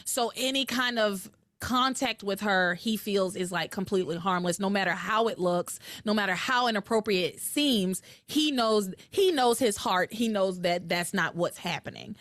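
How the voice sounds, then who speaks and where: Animated woman recapping with a dry close sound. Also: medium pitch, moderate pace, few pauses, no room sound. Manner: animated storytelling, acts out dialogue with voices. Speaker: podcast host recapping a soap opera. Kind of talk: casual chat recap.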